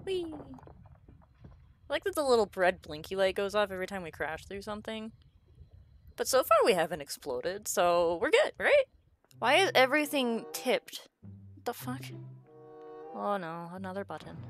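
A woman doing let's play commentary on a game, excitable, swearing, shrieking and laughing as she plays. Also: medium pitch, normal speed, pauses often, faint music behind. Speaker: gaming video creator.

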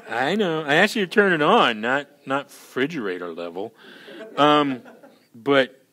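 A male pastor giving a sermon in a lively, conversational way, full of "you know" and "right", often acting out scenes. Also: medium pitch, a little slow. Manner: animated, acts out scenes in character voices.

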